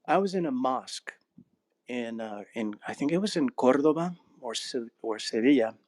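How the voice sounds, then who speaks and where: A man who is an actor, narrator and acting coach, talking reflectively in an interview and telling stories with a laugh, slowing down on key phrases. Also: mid-range voice, expressive, darkish tone, no room sound. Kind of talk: casual interview conversation.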